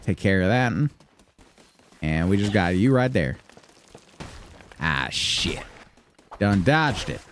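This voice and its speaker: Cussing streamer with a Southern drawl. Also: male voice, lowish voice, animated, moderate pace, slight background noise. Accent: put-on Southern US drawl. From Michigan, raised largely in the US South. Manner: profane, laid-back, chatty. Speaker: game streamer. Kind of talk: casual live gameplay commentary.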